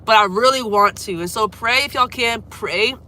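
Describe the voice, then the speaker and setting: A woman's voice: on the high side, normal speed, bright, forceful tone, slight background noise. A young woman livestreaming from home, chatting casually and apologizing as she coughs through a cold. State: has a cold, congested and coughing. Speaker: livestreamer and singer.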